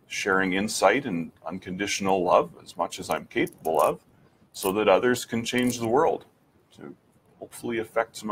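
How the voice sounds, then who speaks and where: A man giving an earnest personal faith testimony, reflective, with frequent pauses and restarts, asking the listener direct questions. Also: deep voice, a bit bright, a little hiss or hum. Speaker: speaker sharing his faith testimony.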